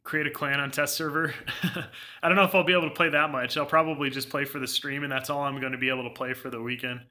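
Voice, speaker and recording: A young man streaming gameplay live with a very bright, sharp voice at a middling pitch. He rambles, restarts his sentences and laughs often as he reads chat. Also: level tone, quick pace. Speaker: game streamer. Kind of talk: casual live gameplay commentary.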